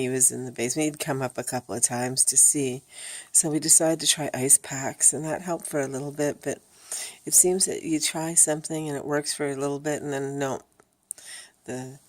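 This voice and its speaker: A woman's voice: extremely low pitch, steady tone, moderate pace. A woman vlogger talking candidly and emotionally, blunt and swearing freely, worn out and exhausted. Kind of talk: candid personal vlog.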